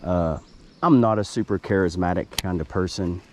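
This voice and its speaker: A man's voice: sits low, normal speed, slight background noise. A man talking casually to the camera while kayak fishing on a river outdoors, chatty and self-deprecating. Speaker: fishing vlogger. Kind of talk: casual outdoor vlog narration.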